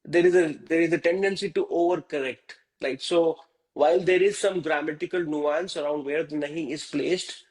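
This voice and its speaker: A man's voice: on the high side, fairly even intonation, moderate pace, a little mellow, rough recording. Patient male teacher. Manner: patient, checks in often with "right?" and "okay?". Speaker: Hindi teacher. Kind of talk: live online class.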